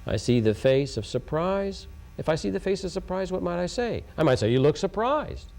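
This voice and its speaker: A man's voice: high-pitched, expressive, brisk, gravelly, a little mellow. A man from Oklahoma giving a taped educational lecture on communication. He is emphatic, repeats his points and asks rhetorical questions. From Oklahoma, USA.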